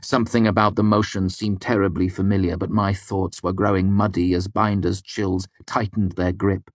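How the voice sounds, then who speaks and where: A man narrating a first-person fantasy story in a measured, grave storytelling manner. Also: sits low, little pitch movement, no room sound. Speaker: audiobook narrator.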